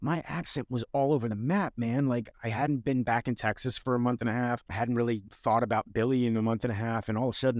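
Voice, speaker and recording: A middle-aged man chats on a podcast and tells behind-the-scenes stories with lively energy, slipping into the voices of the people he quotes. His voice sits at an ordinary male pitch. The recording is close and dry, with no room sound. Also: quick pace, few pauses, no echo. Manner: animated storyteller, acts out quotes. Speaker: podcast co-host, former actor on the show. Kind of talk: casual rewatch podcast chat.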